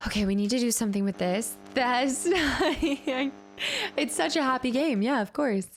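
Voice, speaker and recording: A woman's voice: sits high, animated, measured pace, a little hiss or hum. A woman streaming a horror game live, chatting with viewers and reading on-screen text aloud as she plays.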